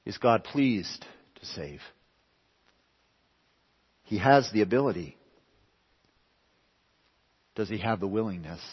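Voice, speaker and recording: A man pastor preaching a sermon with emphatic swings between raised and hushed lines. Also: fairly low pitch, expressive, slow pace, long pauses, slightly rough. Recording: reverberant hall, dull lo-fi sound.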